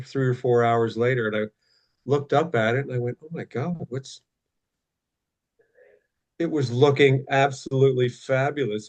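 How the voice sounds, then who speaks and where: A man on a video call telling a casual anecdote in a chatty way, with halting restarts. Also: mid-range voice, a little mellow. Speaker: call participant.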